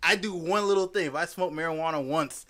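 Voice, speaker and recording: A man's voice: on the high side, fairly quick. A young man co-hosting a podcast, talking animatedly and swearing often in casual chat. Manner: animated, profane, laughs often. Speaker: podcast co-host.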